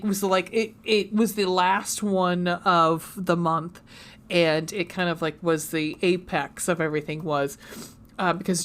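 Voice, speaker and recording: Halting woman podcast co-host. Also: mid-range voice. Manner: halting, many fillers, emotional. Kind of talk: casual chat.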